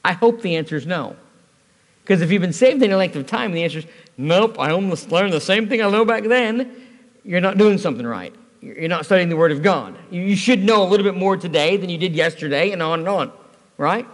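A man's voice: high voice, lively intonation, fast talker. A man preaching an evening sermon as pastor, conversational and storytelling, asking the congregation rhetorical questions. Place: church. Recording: church hall reverb.

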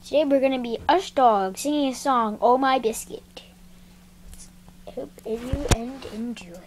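Woman hosting a goofy homemade talk show, slow and kinda high. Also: background noise. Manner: playful and silly, mock-announcer.

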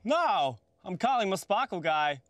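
A man's voice: sits high, sing-song, unhurried, fairly bright tone, no echo, heavily acted. Bugs, as a man puts him on. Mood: stubborn. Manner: stubborn, grumbling refusals. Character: stubborn male cartoon rabbit who hates sparkles.

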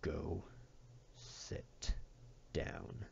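A man voicing a defiant teenage boy who speaks flatly and coldly. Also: fast, dull audio, a little hiss or hum, close to an everyday voice. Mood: subdued. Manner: flat, cold and low.

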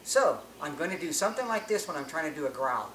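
A man's voice: a little high, big pitch swings, fast, a bit bright. A man teaching elk calling in a plain-spoken, instructional way, often restarting phrases as he explains. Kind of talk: hunting-call tutorial. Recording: echoey with faint ambient noise.

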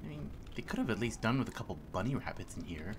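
A man's voice: fairly low pitch, sing-song, fast, noisy background. A man giving joking, sarcastic commentary while he plays a video game. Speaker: let's play host. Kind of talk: gameplay commentary. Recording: loud game music behind. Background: game music and sounds.

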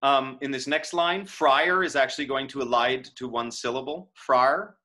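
A man giving a lecture on verse scansion, thinking aloud and reading lines slowly with stress. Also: medium pitch, fairly even intonation, sharp tone.

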